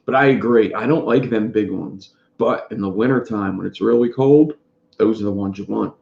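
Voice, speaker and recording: A man's voice: lowish voice, moderate pace, gravelly. A man hosting a casual live stream, rambling and greeting viewers in chat by name. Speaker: vape reviewer streaming live. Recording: dull lo-fi sound in an echoey room.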